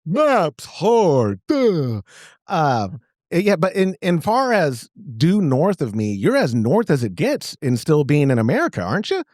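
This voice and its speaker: A man hosting a podcast with a fairly high, very lively voice. He rambles and jokes at his own expense. The sound is dry and close. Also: normal speed, no room sound. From Texas. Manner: jokey, rambling, self-mocking. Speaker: podcast host. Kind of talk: casual chat.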